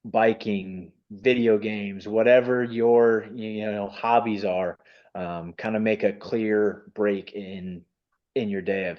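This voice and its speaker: Man who stutters, low-pitched, panelist on a muffled video call. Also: steady tone, slow. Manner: stutters, with repeated sounds and restarts. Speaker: webinar panelist. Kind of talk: casual panel discussion.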